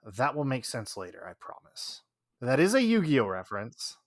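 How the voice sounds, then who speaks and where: A man guesting on a podcast, chatting casually about his game character, laughing often and trailing off quietly at the ends of thoughts. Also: mid-range voice, wildly swooping pitch, normal speed, no room sound, clean studio sound.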